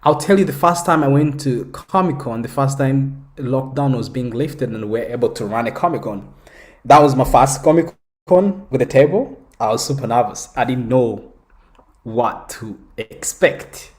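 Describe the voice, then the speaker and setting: A young man from the Democratic Republic of the Congo talks through his stories in a relaxed interview, restarting sentences and leaning on fillers. His voice sits at a middle pitch. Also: moderate pace. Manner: storytelling, animated, frequent restarts and fillers. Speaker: comic book creator and guest. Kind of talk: casual interview conversation.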